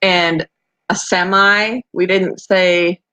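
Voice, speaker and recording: Canadian woman, bright voice, casual live-stream chat, giggly, talks to viewers. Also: on the low side, fairly even intonation, takes it slowly, smooth. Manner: chatty, giggly, answers viewers' comments. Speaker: pet channel host.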